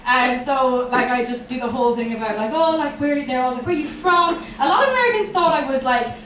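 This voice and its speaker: High-voiced Kerry Irish woman doing stand-up. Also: expressive, fast, fairly bright tone, distant mic, a little hiss or hum. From Ireland. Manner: chatty, self-mocking, swears freely. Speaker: stand-up comedian. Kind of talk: stand-up comedy set. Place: comedy club stage. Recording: echoey club, mic heard from afar.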